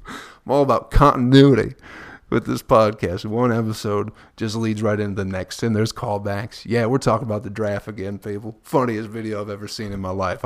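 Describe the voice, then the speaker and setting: A man's voice: on the low side, no room sound, studio quality. A man hosting a podcast, rambling through a profane comedic monologue and laughing at his own jokes. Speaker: podcast host.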